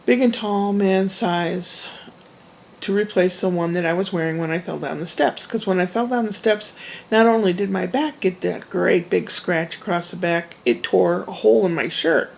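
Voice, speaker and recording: A woman with a gravelly, fry-tinged voice talks straight to camera, telling a winding personal story. She wanders into asides and restarts her sentences in a relaxed, conversational way. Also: fairly low pitch, moderate pace, slight background noise, low-quality recording. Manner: rambling, chatty, with frequent restarts and asides. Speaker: vlogger. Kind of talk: casual storytelling monologue.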